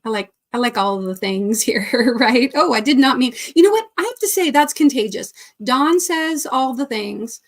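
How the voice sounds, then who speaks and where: A woman's voice: a little high, animated, moderate pace, hardly any pauses. A woman hosting a casual livestream, chatting and greeting viewers by name between laughs. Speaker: crochet livestream host. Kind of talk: casual livestream chat reading viewer comments.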